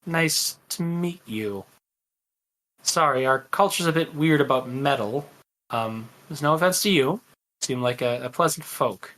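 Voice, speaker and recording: A man's voice: medium pitch, expressive, measured pace, fairly bright tone. A man voicing a nervous, timid minstrel bard who stammers and pleads in a tabletop game.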